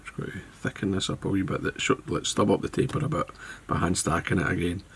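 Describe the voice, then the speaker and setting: A man giving a casual step-by-step fly tying demonstration, relaxed and thinking aloud as he works with his hands. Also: low-pitched, fast talker, vocal fry, slightly rough.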